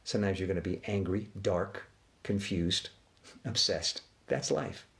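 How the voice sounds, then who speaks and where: A man guiding a body relaxation exercise with slow countdowns, then talking loosely about tension and calm with some restarts. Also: deep voice, creaky. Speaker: relaxation guide. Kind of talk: guided relaxation and talk.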